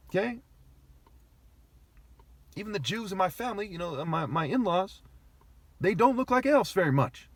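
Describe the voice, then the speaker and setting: A man's voice: high-pitched, lively intonation, brisk, long pauses, a bit bright, dry recording. A man talking straight to the camera in an agitated, argumentative rant, swearing heavily and sounding aggrieved. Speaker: vlogger. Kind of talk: agitated ranting monologue.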